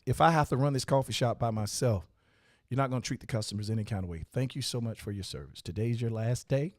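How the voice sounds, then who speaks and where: A man tells stories from his coffee shop and turns them into lessons, hammering points home with repeated phrases like a preacher. His pitch sits in the middle range. The recording is dry and close, with no room sound. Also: darkish tone, no echo. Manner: emphatic, repetitive, preacherly. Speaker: coffee shop owner and host. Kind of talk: motivational storytelling talk.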